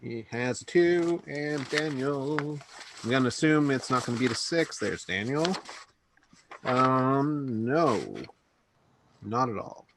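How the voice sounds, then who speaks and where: A man narrating a tabletop game as game master in a casual, halting way with many fillers. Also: medium pitch, a bit bright, slight background noise. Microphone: home microphone on a stream.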